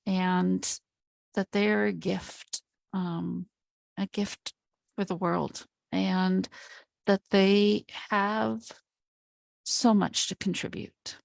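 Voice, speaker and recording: Gravelly, unhurried woman host. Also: medium pitch, fairly even intonation, dry recording. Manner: heartfelt, reflective, slow and thoughtful. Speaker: host and coach. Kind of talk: casual conversation.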